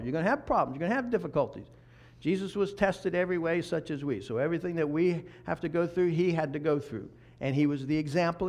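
A middle-aged man preaching with a high voice. He drops to quiet, close passages, then builds to loud, rousing exhortation. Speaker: pastor. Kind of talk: sermon.

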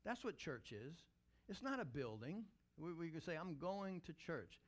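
A man's voice: on the high side, big pitch swings, moderate pace. A middle-aged man preaching a sermon as senior pastor, talking conversationally and building to emphatic peaks.

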